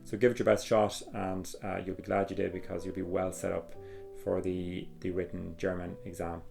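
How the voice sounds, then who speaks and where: A man teaching German exam phrases, explaining slowly and reading phrases carefully with some hesitations. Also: low voice, level tone, gravelly, over music. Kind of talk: exam prep lesson.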